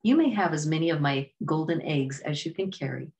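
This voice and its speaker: A woman's voice: deep voice, animated, darkish tone. Valdapa, a stately goose played by a woman. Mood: gracious. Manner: slow, formal and courteous. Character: dignified female goose, gracious and calm.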